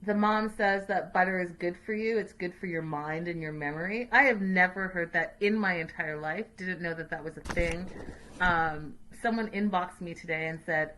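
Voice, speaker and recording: A woman hosting a casual, chatty recap show, opinionated and quick to laugh. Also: fairly low pitch, bright, forceful tone. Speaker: host.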